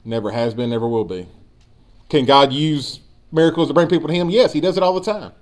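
A man's voice: on the high side, brisk. A man preaching a sermon, building emphasis and speaking directly to his congregation. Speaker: pastor.

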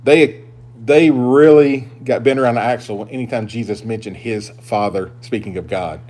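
At a moderate pace and in a mid-range voice, a man preaches a sermon. He is emphatic throughout, swinging between loud declarations and hushed asides.

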